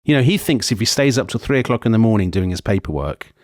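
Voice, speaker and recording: A man co-hosting a history podcast, telling the story in a lively, digressive way with frequent self-corrections. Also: on the low side, quick pace, dry recording, studio quality. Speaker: podcast co-host.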